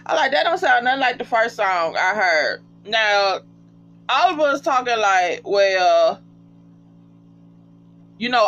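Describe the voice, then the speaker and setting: A casual reality TV recapper talking straight to viewers, often breaking into high, cracking laughter. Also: lively intonation, a little slow, a bit bright. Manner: chatty, addresses viewers as y'all. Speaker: TV show recapper. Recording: dull lo-fi sound with faint hum.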